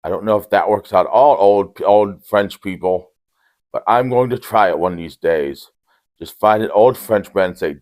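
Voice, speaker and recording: A man giving a casual, rambling movie recap with deadpan jokes and frequent restarts. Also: lowish voice, moderate pace. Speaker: movie reviewer.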